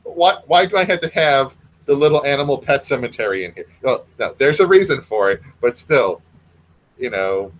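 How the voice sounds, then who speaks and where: A man's voice: mid-range voice, animated, moderate pace, poor audio. Man reading his story with wry asides. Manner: wry, self-mocking asides.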